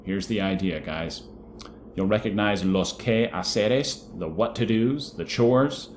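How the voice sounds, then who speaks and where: A man's voice: fairly low pitch, slow pace, a little hiss or hum. A man teaching a Spanish lesson to students, friendly and encouraging, reading vocabulary aloud and explaining an assignment. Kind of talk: recorded online lesson for students.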